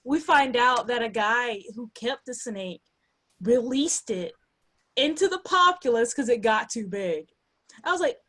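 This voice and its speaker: A woman from Alabama telling lively stories in a casual group video call, full of fillers and laughs. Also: fairly high pitch, a little slow. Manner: animated, laughing storyteller with many fillers. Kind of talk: casual group chat, storytelling. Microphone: computer or headset mic on a video call.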